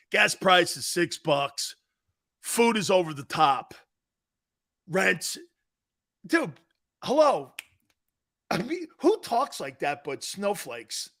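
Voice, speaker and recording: A brash man hosting a sports talk show. He rambles loudly from one gripe to the next and breaks into laughter. His slightly high voice rises and falls in big, lively swings. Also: takes it slowly, pauses often.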